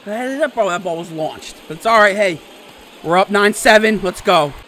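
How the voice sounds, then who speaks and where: A young man giving loud, swearing play-by-play reactions to a baseball video game, swinging from groans to shouts. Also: high-pitched, animated, normal speed, a little hiss or hum. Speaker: gaming YouTuber. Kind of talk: live gameplay reaction commentary.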